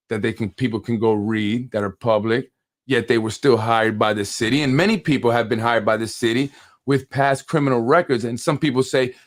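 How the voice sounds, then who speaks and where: A New York man hosting a live call-in show about local politics tells a long story energetically, acting out others' words and repeating himself when he gets worked up. His voice is mid-range.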